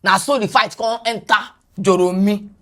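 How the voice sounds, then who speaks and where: A Nigerian woman, a guest on a podcast, retelling a personal story in animated English mixed with Pidgin. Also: mid-range voice, normal speed.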